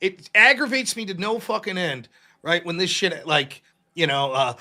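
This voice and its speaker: Bright high-voiced man, profane and animated. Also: moderate pace. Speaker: debater. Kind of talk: casual debate chat.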